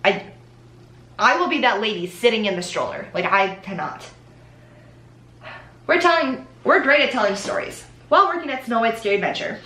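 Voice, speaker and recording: Bright, chatty young woman in an echoey room. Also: fairly high pitch, moderate pace, long pauses. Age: young adult. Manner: chatty, animated, with frequent ums and likes. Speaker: Disney College Program vlogger. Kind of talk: casual chat.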